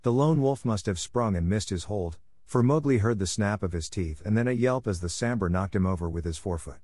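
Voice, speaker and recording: Low-voiced man reading a story. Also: animated, a little mellow, no room sound. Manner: measured storytelling. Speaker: narrator. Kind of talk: audiobook reading.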